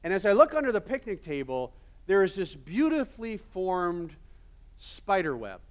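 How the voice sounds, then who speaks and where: A male pastor preaching a sermon in a casual, animated storytelling manner with many fillers. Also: high voice, moderate pace.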